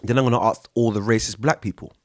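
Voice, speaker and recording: A man's voice: lowish voice, fairly even intonation, quick pace, dry recording. A man hosting a solo podcast, talking in an impassioned, profane way and jumping between topics. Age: adult with an older son. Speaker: podcast host.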